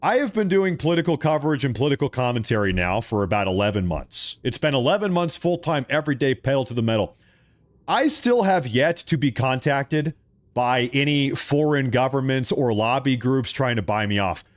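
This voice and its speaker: Speaking briskly in a medium-pitched voice, an Oregon-based political livestreamer goes through viewer comments and jokes around between heated rants, laughing frequently. There's no room sound in the audio.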